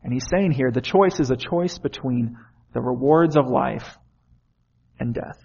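A man's voice: mid-range voice, unhurried, gravelly, darkish tone, husky, highs cut off. A man preaching a sermon in an earnest way, often asking the listeners questions.

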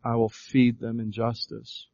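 A man's voice: medium pitch, completely flat delivery, unhurried, warm tone, no echo. Pastor guy preaching, reads scripture with punch, dry and a bit muffled. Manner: preaching, reading scripture aloud with rising emphasis. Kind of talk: sermon.

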